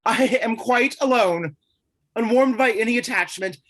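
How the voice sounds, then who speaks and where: A man's voice: very high-pitched, a little slow, fairly bright tone, exaggerated voice. A man playing a lovesick, despairing young writer in a live streamed stage reading, speaking in an intense, pleading way.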